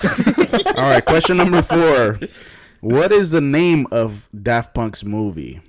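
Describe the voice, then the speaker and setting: A man hosting a casual quiz among friends, playful and laughing often, reading out the answer options slowly. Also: medium pitch, sing-song, noisy background. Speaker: quiz host.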